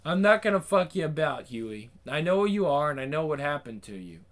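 A man plays a gruff hard man who speaks bluntly and sardonically, swearing in a flat, matter-of-fact way. His voice sits fairly high for a man. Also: fairly quick.

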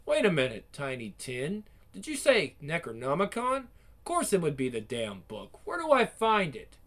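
A man voicing a cocky, sarcastic male action hero in a one-man game fan dub, trading one-liners and battle yells. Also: a little high, wildly swooping pitch, moderate pace.

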